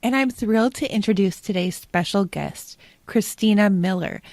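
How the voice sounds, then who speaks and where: A woman podcast host warmly introducing her guest in an enthusiastic, effusive way. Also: medium pitch, normal speed, no echo. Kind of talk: interview introduction.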